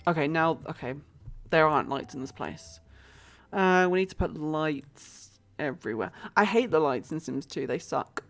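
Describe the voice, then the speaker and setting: A British woman with a lowish voice talks through her game on a live stream. She chats casually, muses aloud as she builds and calls viewers by name. Soft game music plays quietly underneath. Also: expressive, normal speed. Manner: chatty, thinks aloud, greets chat viewers. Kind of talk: casual gameplay commentary.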